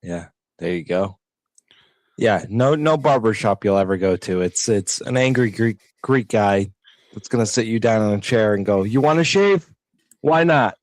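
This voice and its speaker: A man's voice: on the low side, normal speed, darkish tone, no echo. A man co-hosting a sports podcast, talking in a laid-back, agreeable and dry way. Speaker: podcast co-host. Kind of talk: casual chat.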